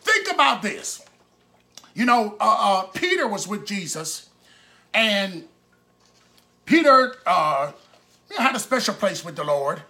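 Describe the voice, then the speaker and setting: A man delivers a sermon in a high voice, telling the story like a chat with the congregation. His tone is bright and forceful, and he slips into the voices of the people in his story. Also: very animated, slow pace, long pauses. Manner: conversational storytelling preaching; acts out the people in his stories. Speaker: preacher.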